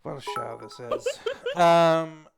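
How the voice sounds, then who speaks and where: A man's voice: on the high side, wildly swooping pitch, takes it slowly, creaky, over music. A young man hosting a casual talk show from a VR chat space, rambling and joking through silly made-up scenarios. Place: VR chat room, at home.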